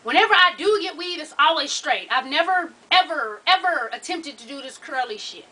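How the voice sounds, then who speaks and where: Young woman vlogger, bright high voice, lively and profane storyteller, a bit away from the mic. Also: normal speed. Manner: animated, profane, laughs through her stories. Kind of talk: casual storytelling vlog. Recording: voice from a distance off the mic.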